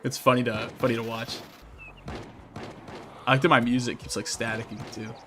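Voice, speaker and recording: A man's voice: medium pitch, flat delivery, normal speed, fairly bright tone, slight background noise. A young man with a Midwestern accent, chatting casually on a live stream in a rambling, filler-heavy way. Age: young adult.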